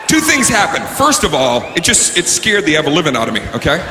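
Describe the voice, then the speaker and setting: Male stand-up, fairly high, lively delivery with shouted bursts, live stage recording. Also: fast. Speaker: stand-up comedian. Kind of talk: stand-up comedy set. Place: comedy stage before an audience. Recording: live show recording, reverberant hall, faint room noise.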